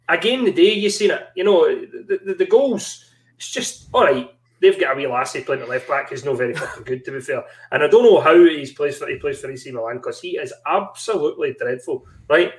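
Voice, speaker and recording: A man's voice: fairly high pitch, reverberant. A Scottish man co-hosting a football podcast, bantering bluntly and swearing. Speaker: podcast co-host. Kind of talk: casual chat.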